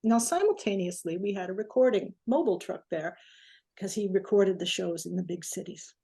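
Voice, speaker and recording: A woman recording engineer, interviewed as a guest, telling a story in an animated way and acting out the quotes. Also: medium pitch, fairly quick, slightly rough.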